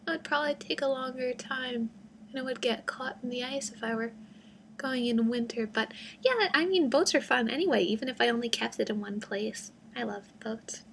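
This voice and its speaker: A young woman with a fairly high voice chats straight to her camera, rambling and poking fun at herself between plenty of ums and you-knows. Faint background noise hums under the recording. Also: moderate pace. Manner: rambling, self-deprecating, many fillers. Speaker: vlogger. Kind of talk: casual vlog monologue.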